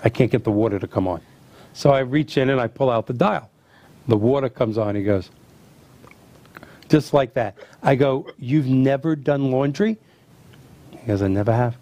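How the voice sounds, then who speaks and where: A middle-aged man hosting a chat, telling family stories and acting out the quotes with lively energy. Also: mid-range voice, moderate pace, pauses often. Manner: animated storyteller acting out quotes. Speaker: host. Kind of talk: casual storytelling chat.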